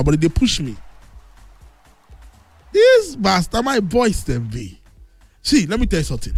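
A man with a Nigerian Pidgin accent hosting a call-in football talk show on the radio, boastful and teasing, now and then bursting into shouts. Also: a little high, no room sound. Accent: Nigerian Pidgin English. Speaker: radio sports show host.

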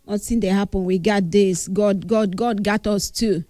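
A woman's voice: mid-range voice, fairly even intonation, moderate pace, mellow, no echo, studio quality. Grieving Nigerian woman, earnest tribute. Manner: earnest, mixes English with Pidgin. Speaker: grieving friend giving a tribute. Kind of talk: emotional spoken tribute.

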